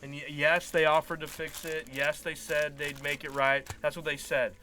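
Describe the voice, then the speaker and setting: A man's voice: a little high, level tone, normal speed, pushed and bright, slight background noise. A man telling a long, frustrated story in casual live-stream chat as a card break host, acting out quoted dialogue. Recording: faint music behind.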